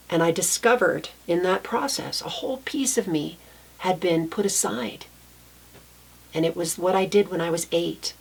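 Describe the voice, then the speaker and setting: Low-voiced woman telling a personal story. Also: slightly rough. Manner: soft-spoken, reflective, with small restarts.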